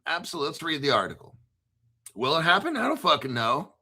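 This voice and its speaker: A man's voice: on the high side, very animated, quick pace, pushed and bright, slightly rough. A man in his fifties hosting a crypto video, ranting casually in a blunt, profane, combative way and repeating himself for emphasis.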